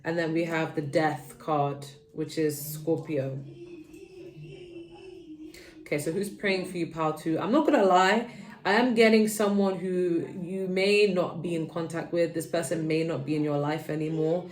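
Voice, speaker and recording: A woman's voice: sits low, steady tone, normal speed. Earnest woman tarot reader in an echoey room. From United Kingdom. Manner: rambling, earnest, many fillers and restarts. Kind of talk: tarot card reading to viewers. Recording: echoey room, voice a little far from the mic.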